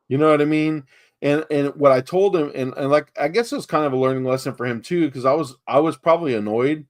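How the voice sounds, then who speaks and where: A man's voice: a little high, fast. A man from San Antonio, Texas, telling rambling stories about real estate deals in a casual podcast chat, acting out the dialogue. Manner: rambling storyteller, acts out quoted dialogue, many fillers.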